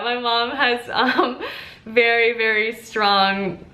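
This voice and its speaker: A woman's voice: on the high side, fairly even intonation, slow pace, sharp tone, echoey room, slight background noise, low-quality recording. A woman dietitian giving an earnest motivational talk about mindset, stressing words by saying them twice and using many fillers. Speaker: dietitian and wellness coach. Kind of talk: motivational self-help talk to camera.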